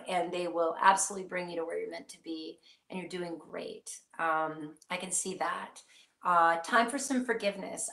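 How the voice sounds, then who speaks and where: A woman's voice: lowish voice, fairly bright tone. Reassuring woman in an echoey room. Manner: earnest, reassuring, speaks directly to viewers. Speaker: psychic host answering viewer questions. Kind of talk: live-stream question-and-answer chat.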